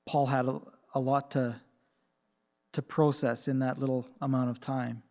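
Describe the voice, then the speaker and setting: A man preaching a sermon, swinging between loud emphasis and soft, hushed quotations. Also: medium pitch, little pitch movement, a little slow, dull audio.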